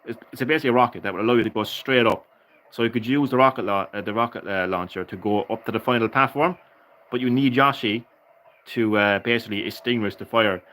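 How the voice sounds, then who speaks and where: A man's voice: medium pitch, fast, fairly bright tone, poor audio. Tired, laughing gaming streamer man. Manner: laughs often, swears, chats with viewers. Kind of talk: casual live-stream commentary.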